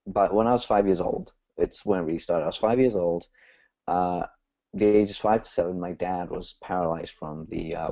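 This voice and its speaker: A British man in his twenties, a guest chatting casually in an interview with easy laughs and quick asides, heard over a call. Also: sits low, dark tone, no echo. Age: 20s. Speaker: guest copywriter. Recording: dull lo-fi call audio.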